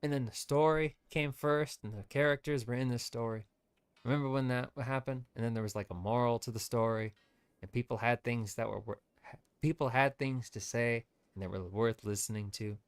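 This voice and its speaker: Guy vtuber ranting while he plays, middle pitch, opinionated. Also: moderate pace, smooth. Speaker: VTuber streamer. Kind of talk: livestream gameplay commentary.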